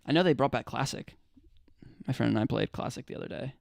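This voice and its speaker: A man's voice: mid-range voice, fast talker, gravelly, darkish tone, dry recording, studio quality. A young American man chatting casually with viewers on his live stream, laid-back and rambling, with lots of fillers and restarts. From United States. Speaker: livestreamer.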